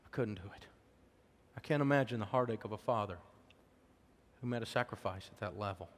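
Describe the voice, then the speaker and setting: A man's voice: fairly low pitch, fairly quick. Folksy middle-aged man preaching in a hall. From United States. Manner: folksy, emotional, swings between loud preaching and soft hush. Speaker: speaker on faith and money. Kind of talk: sermon-style storytelling talk.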